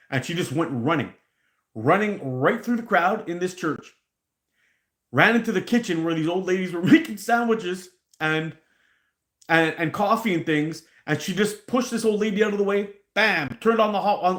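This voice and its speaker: A man hosting a casual live stream about hot sauce, a rambling, animated storyteller who laughs at his own stories. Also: high voice, roomy sound. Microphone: handheld mic pulled out.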